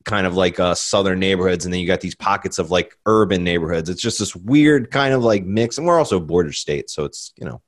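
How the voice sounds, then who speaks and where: A man's voice: sits low, fairly quick, hardly any pauses. A young man with a Baltimore accent, co-hosting a podcast in a blunt, laid-back way and saying "like" a lot. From Baltimore, Maryland. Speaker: podcast co-host. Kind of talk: casual chat.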